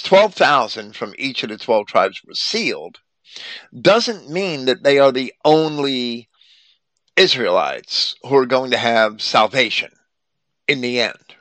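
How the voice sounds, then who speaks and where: A man delivers a scripted Bible commentary, reading at a steady, explanatory pace. His voice is bright and forceful, and it sits close and dry with no room sound around it. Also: mid-range voice, no echo.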